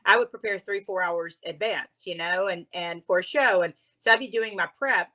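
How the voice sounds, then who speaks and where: A woman from Louisiana, a guest author and speaker, telling her story in an expressive, earnest conversational way. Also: mid-range voice, normal speed, low-quality recording.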